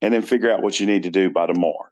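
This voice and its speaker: A man's voice: deep voice, very fast, a little mellow. A man talking as a podcast guest in casual chat, telling stories earnestly with many restarts.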